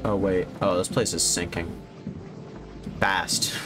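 A man giving casual, profane commentary while streaming a video game, reacting loudly when surprised. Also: sits low, takes it slowly, music in the background. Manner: swearing, animated, jumps to yelps when surprised. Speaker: gaming streamer.

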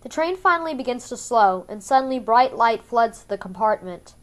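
Female fan audiobook reader, slightly high, measured and subdued first-person narration. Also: animated.

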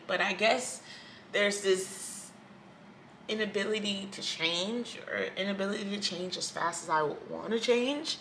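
A woman's voice: medium pitch, pushed and bright, a little hiss or hum. A woman vlogging candidly at home by a window, talking in a reflective, rambling and hesitant way. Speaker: YouTuber. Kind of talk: candid personal vlog. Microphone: camera.

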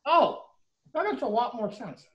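A man's voice: very high-pitched, lively intonation, normal speed, echoey room, highs cut off. A man tasting and judging a cookie in a casual chat, talking in a playful, mock-formal critic's manner. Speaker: guest taste-tester.

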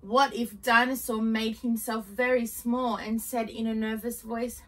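Bright-voiced woman reading a story. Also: a little high, fairly even intonation, measured pace, hardly any pauses, far from the mic, poor audio. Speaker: children's story reader. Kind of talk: reading a picture book aloud.

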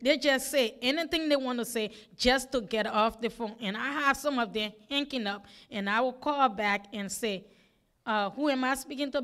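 A woman testifying at a public hearing in a fairly high voice. She is a single mother, and she talks in an earnest, pleading, emphatic way. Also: fairly bright tone. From United States.

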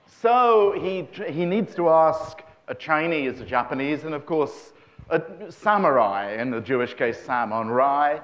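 A man's voice: fairly high pitch, lively intonation, a little slow, a bit bright, lo-fi sound, a little hiss or hum. A man telling jokes on stage in a droll manner with wry asides. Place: festival stage.

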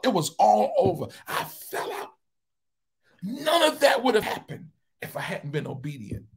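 Gravelly older man preaching fervently. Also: on the high side. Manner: fervent preaching that swings from quiet storytelling to loud cries. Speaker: bishop and preacher. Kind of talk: livestreamed sermon.

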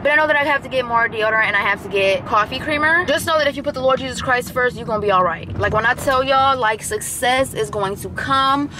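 A woman's voice: on the high side, fast, hardly any pauses, background noise. A young woman with an American accent, chatting in a vlog, rambling with lots of fillers and preachy asides, recorded on a phone in a car. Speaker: vlogger. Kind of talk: casual vlog chat. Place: in a car, driving.

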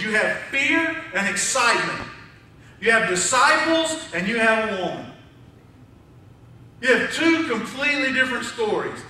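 A pastor with an extremely high, bright, forceful voice preaches a sermon to his congregation in a conversational, joking way. He's recorded from far off in an echoey church sanctuary, with a little hiss or hum.

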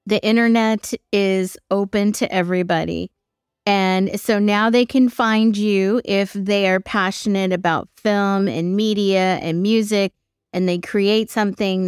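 Smooth-voiced woman podcast host. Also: medium pitch, fairly even intonation, unhurried, dry recording, studio quality. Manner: engaged, affirming, thinks aloud. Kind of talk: conversational interview.

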